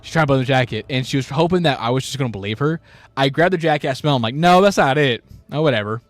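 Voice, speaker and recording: A young podcast co-host with a medium-pitched voice, recorded dry, tells a long, rambling story during a casual chat. He restarts often and acts out the people he's quoting.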